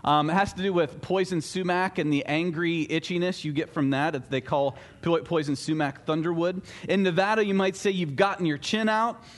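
Pastor guy giving a sermon, casual and a bit jokey, slightly high voice. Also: fairly even intonation, normal speed, few pauses. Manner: conversational, lightly humorous preaching.

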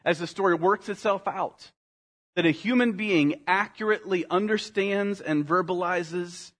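A male pastor preaching a sermon, earnest, slowing down and dropping to a soft voice on key phrases, calling his listeners "guys". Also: sits high. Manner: earnest, slows down and drops softly on key phrases; addresses congregation as "guys".

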